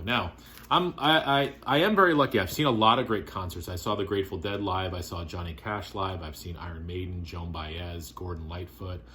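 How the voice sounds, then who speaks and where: A man vlogging casually about his favorite records, relaxed and rambling with lots of fillers. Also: low-pitched, a little hiss or hum. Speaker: vinyl collector vlogger.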